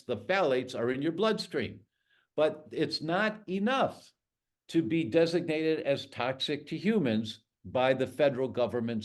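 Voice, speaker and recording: A middle-aged man, a doctor guest on a podcast, talking in an emphatic, storytelling way. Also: medium pitch. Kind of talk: podcast interview.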